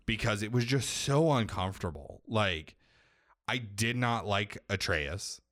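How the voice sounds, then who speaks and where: A man's voice: lowish voice, a little slow, a bit bright, no echo, studio quality. A man in casual chat, rambling and swearing as he recaps a video game's story, now and then acting out characters' lines. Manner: rambling, profane, acts out quoted lines. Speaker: podcast co-host recapping a game.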